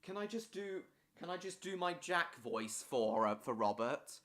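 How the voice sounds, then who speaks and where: A man's voice: on the high side, very animated, measured pace, fairly bright tone. A man talking casually on a live stream, answering viewers' chat messages one after another.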